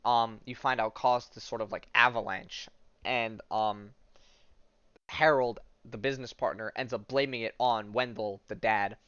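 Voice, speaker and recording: Rambling man with a smooth, dull voice. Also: on the low side, fairly even intonation, a little slow, sharp tone, dry recording. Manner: rambling, many restarts and fillers. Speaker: podcast host. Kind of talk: casual podcast commentary, reading a comic aloud.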